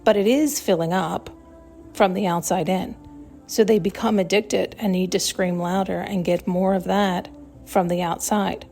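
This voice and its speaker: A woman's voice: medium pitch, steady tone, a little slow, vocal fry, warm tone, soft background music. Searching, emphatic woman podcaster. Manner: searching, emphatic, acts out quoted voices. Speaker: podcast host. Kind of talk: solo spiritual podcast monologue.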